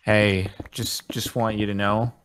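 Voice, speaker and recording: A man's voice: fairly low pitch, little pitch movement, unhurried, a bit bright, a little hiss or hum. A man streaming a game in casual chat, laid-back and dry, laughing easily.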